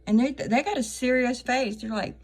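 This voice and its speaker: A woman's voice: on the high side, normal speed. A middle-aged woman, hosting her channel with a wry, chatty comedic monologue and laughing at her own jokes. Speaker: channel host.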